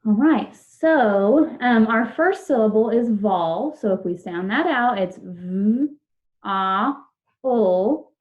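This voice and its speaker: A woman teacher giving an online spelling lesson over a video call, dictating words slowly and drawn out, patient and encouraging with her class. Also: a little high, animated. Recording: dull lo-fi video call audio.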